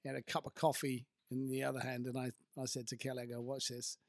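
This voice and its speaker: A man's voice: medium pitch, completely flat delivery, fast, gravelly, no room sound. A man from Europe co-hosting a casual chat, telling dry, wry anecdotes. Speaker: podcast co-host.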